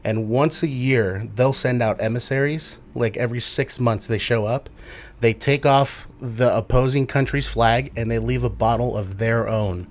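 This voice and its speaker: A man guesting on a comedy podcast, chatting casually and rambling through jokes, his voice rising when he gets excited. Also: medium pitch, moderate pace.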